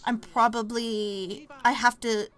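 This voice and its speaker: A woman's voice: on the high side, flat delivery, takes it slowly, fairly bright tone. A woman voicing a timid, apologetic husband. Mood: pleading.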